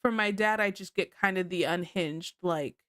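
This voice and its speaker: A woman's voice: on the low side, moderate pace, fairly bright tone, no echo, studio quality. Giggly stuffy-nosed young woman streamer. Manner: giggly, laughs often and easily. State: sick with a blocked nose, sniffling. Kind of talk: casual livestream chat.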